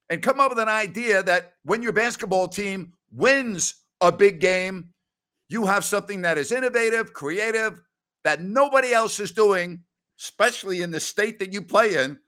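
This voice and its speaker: A man hosting a sports talk show, ranting loudly and scornfully with heavy emphasis. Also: high voice. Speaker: sports radio host.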